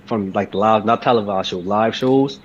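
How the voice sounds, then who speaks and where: A man co-hosting a casual chat, talking in an excitable, slangy way with many restarts, on a dull, lo-fi recording. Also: fairly low pitch, normal speed, a little hiss or hum. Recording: dull lo-fi sound.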